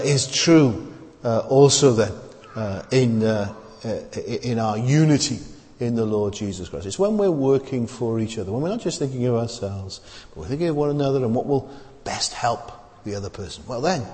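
A man's voice: medium pitch, mellow. Man preaching in a reverberant hall. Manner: conversational, halting with many fillers and restarts. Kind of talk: sermon. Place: church. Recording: long reverb of a church hall.

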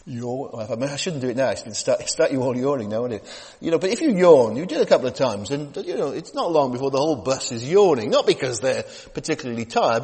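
A male preacher gives a conversational sermon in a church hall, and his voice echoes with a long reverb. His pitch moves in a lively, animated way as he speaks. He stumbles and restarts often and keeps checking in with his listeners through tag questions.

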